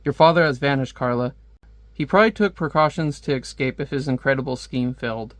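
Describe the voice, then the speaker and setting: A man's voice: mid-range voice, brisk, no echo, natural voice. A man reading out a defiant armored male superhero from a comic, in a bold, declarative way. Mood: earnest.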